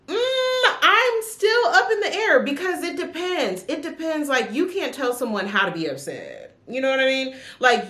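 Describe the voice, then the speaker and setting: A woman chatting casually about books she has read, sassy and animated, with big swings in her voice. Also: fairly high pitch. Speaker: book vlogger. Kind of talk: casual book review chat. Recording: echoey room.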